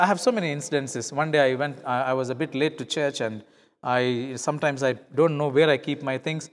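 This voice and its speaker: A man's voice: high-pitched, long reverb tail. A middle-aged male pastor preaching a sermon, telling stories and acting out the dialogue in changing voices. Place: church.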